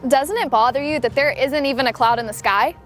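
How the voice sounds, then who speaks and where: Woman playing a perky tv reporter lady, high voice, upbeat interviewer. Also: fairly quick, fairly bright tone, soft background music. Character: perky female TV field reporter. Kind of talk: comedic skit acting.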